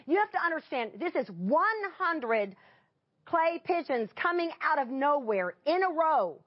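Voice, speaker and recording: A woman preaching a sermon through a personal story, animated and emotional in her delivery. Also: high-pitched, a little slow, muffled recording. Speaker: speaker.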